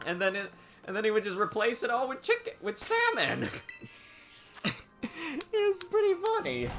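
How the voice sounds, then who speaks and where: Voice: medium pitch, very animated, moderate pace, bright, forceful tone, soft background music. A streamer who chats casually while playing a game, rambling through stories and laughing often.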